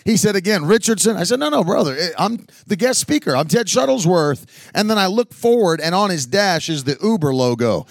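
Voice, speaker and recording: High, gravelly-voiced preacher telling stories. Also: male voice, very animated, brisk, hardly any pauses, no echo, clean studio sound. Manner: chatty storyteller, laughs often, builds to emphatic preaching. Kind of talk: sermon with humorous stories.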